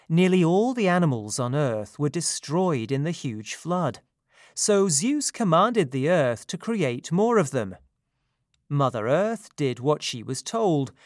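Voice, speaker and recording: A male narrator reads a myth aloud in a calm, measured way. His voice is a little high for a man, his pace unhurried, and the sound close and dry. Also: no echo. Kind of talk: storybook reading.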